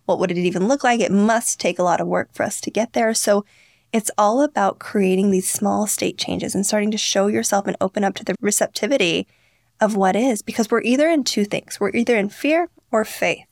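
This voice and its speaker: Young woman guest, earnest storyteller, bit of vocal fry, dry close sound. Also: medium pitch, a little fast, a little mellow, no room sound. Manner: earnest, storytelling, acts out quotes. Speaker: podcast guest, founder. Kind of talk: candid interview talk.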